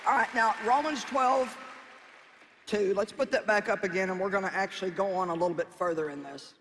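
A man's voice: high voice, brisk, fairly bright tone, long reverb tail, some chatter behind, slight background noise. A man preaching a sermon in a folksy, conversational way, with emphatic exhortations.

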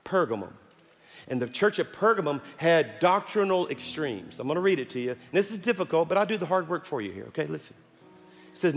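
A man preaching a sermon as pastor, building to loud calls at the congregation. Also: a little high, animated, fast, creaky. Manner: preaching with rising shouts to the congregation. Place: large church sanctuary. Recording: long hall reverb with music underneath.

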